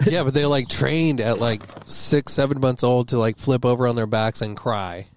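A man's voice: mid-range voice, moderate pace, a little hiss or hum. A young man in casual chat, laid-back, swearing freely and calling everyone dude.

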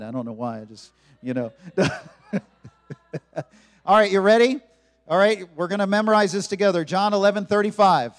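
A man preaching a sermon to his congregation, joking and animated as he talks. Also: a little high, clear, resonant tone, in a large hall. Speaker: pastor. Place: church sanctuary.

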